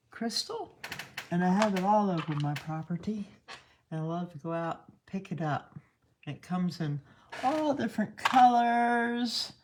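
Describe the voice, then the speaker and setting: A woman's voice: deep voice, a little mellow, a little hiss or hum. A woman with a Southern US accent, just woken up and sleepy, chatting casually through a live stream as she thinks aloud over space weather charts. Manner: chatty, laughs often, thinks aloud while scanning charts.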